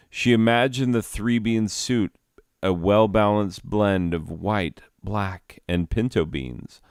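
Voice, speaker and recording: Young male comic, low and unhurried, smooth clear tone. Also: a little mellow, no echo, studio quality. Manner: rambling with asides and fillers. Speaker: comedian. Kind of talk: deadpan storytelling comedy.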